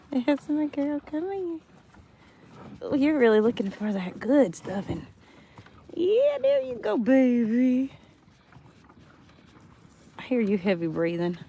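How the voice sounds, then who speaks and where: Woman, affectionate cooing baby talk, high swooping voice, unhurried, outdoors on a farm, handheld phone. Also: warm tone, a little hiss or hum. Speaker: farmer. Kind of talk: casual talk to animals. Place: outdoors on a farm among cows.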